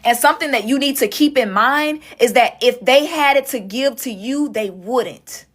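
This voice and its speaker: A woman's voice: high voice, moderate pace, fairly bright tone. A woman doing a casual tarot reading, talking straight to her viewers with emphatic repetition. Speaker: tarot reader.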